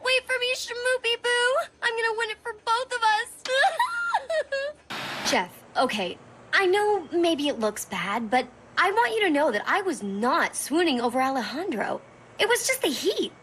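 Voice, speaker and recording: A woman's voice: high voice, very animated, normal speed, fairly bright tone, slight background noise. An actress voicing a lovesick teenage girl contestant in a cartoon, flustered and dreamy as she talks. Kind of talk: cartoon voice acting.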